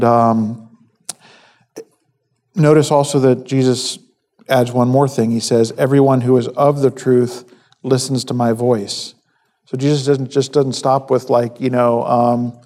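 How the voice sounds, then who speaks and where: Mellow-voiced man preaching casually. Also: medium pitch. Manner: casual, halting, many fillers and restarts; acts out quoted speech. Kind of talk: conversational sermon.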